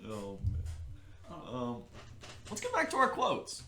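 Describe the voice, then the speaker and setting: A man co-hosting a casual podcast, telling stories with a voice that swings widely up and down. He acts out quotes and bursts into shouts. The room sounds echoey, with a faint hiss behind him. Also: medium pitch, huge pitch swings, takes it slowly. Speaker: podcast co-host. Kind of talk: casual chat.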